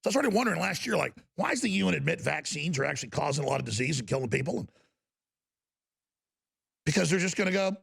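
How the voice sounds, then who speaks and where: A man's voice: a little high, animated, fast, long pauses, a bit bright. A male talk show host delivering a fervent, ranting radio monologue with mocking asides. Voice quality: gravelly.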